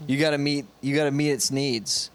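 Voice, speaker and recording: A man's voice: mid-range voice, steady tone, fairly quick. A young man co-hosting a podcast, rambling and teasing in crude casual chat. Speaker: podcast co-host.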